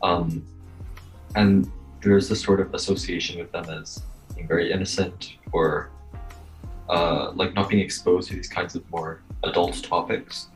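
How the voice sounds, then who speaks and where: A young man co-hosting a podcast from home on a poor mic over Zoom, talking in a measured, newsreader-like way with many uhs. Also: deep voice, flat delivery, faint music behind. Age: young adult. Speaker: podcast co-host. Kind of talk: casual podcast chat. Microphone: bad mic on a Zoom call.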